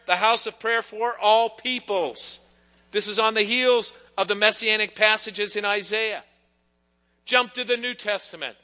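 A man's voice: high-pitched, pushed and bright. A man preaching a sermon to his congregation, talking in a conversational way with teasing asides. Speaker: pastor. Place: church sanctuary. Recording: long church reverb.

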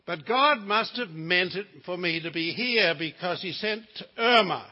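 A man's voice: high-pitched, lively intonation, measured pace. An older man with a New Zealand accent preaching a sermon as a guest preacher, telling stories with humor and asides. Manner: folksy storytelling with asides and humor. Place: church sanctuary. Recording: lo-fi sound in a reverberant church.

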